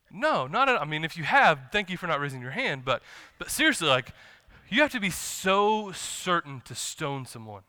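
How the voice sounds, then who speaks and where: A man's voice: a little high, sing-song, moderate pace, hardly any pauses, pushed and bright, no room sound. A man preaching a sermon in church, talking conversationally and acting out the dialogue of the scriptures he quotes. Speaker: pastor.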